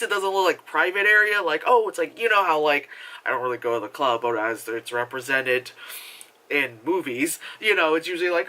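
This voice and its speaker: A man giving a casual movie review vlog, animated and profane, laughing and acting out characters. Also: a little high.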